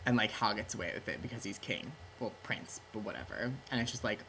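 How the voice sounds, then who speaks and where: A man's voice: fairly low pitch, lively intonation, fairly quick, vocal fry, bright, forceful tone, slight background noise. A tipsy young man retelling a play for laughs, rambling, swearing and saying "like" constantly, close to the camera. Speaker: host. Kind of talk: drunk comedic plot retelling. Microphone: camera at close range.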